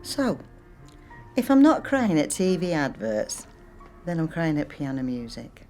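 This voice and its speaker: A talkative woman in her sixties, stuck on hold on the phone. She rambles on with a dry, wry humour, and her voice sits a little on the low side. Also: sing-song, a little slow, warm tone, soft background music. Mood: wry musing. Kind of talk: film monologue acting.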